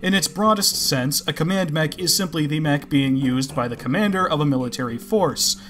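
A man's voice: a little high, moderate pace, fairly bright tone, faint music behind. A man hosting his own video series, reading a scripted explainer with a wry, self-deprecating edge. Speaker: host of a video series on game mechs. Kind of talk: scripted narration.

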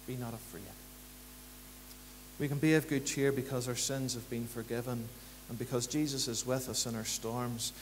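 A man preaching a sermon in church, building to emphatic rhythmic repetitions and then dropping low and quiet. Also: fairly even intonation, normal speed. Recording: church hall reverb, faint hum.

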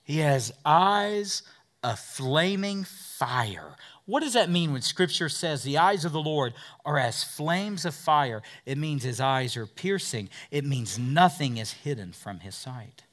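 Man preaching, kinda high voice, gets loud then quiet, punchy sermon style. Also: lively intonation, a little slow, few pauses. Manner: emphatic preaching with big swings in loudness and pace. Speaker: pastor.

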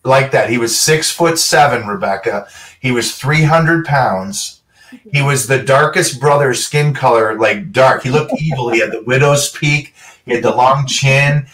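Storytelling former football player, off-mic. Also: male voice, medium pitch, measured pace, far from the mic. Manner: animated storyteller, acts out quoted dialogue. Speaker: interview guest, former pro football player. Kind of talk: casual storytelling.

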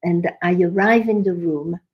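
An older woman telling a personal story in a podcast conversation, with lively quoting of what others said. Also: lowish voice, normal speed, husky, muffled recording. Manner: animated storyteller, quotes others with rising emphasis. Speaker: podcast guest.

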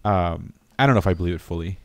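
Young male co-host, low and dry, joking crude banter. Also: quick pace, no echo. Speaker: podcast co-host. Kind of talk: casual chat.

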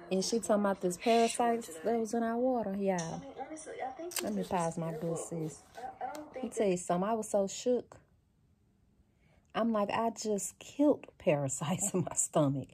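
A woman, chatting casually and expressively to her viewers in a vlog. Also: mid-range voice. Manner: animated, chatty and expressive, talks straight to viewers. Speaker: vlogger. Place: in a car.

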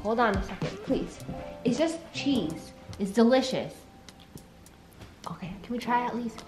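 A woman's voice: on the high side, lively intonation, a little slow, pauses often, a little mellow, faint music behind. A young woman vlogging at home, coaxing her dog in baby talk and chatting to viewers. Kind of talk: casual vlog, talking to her dog.

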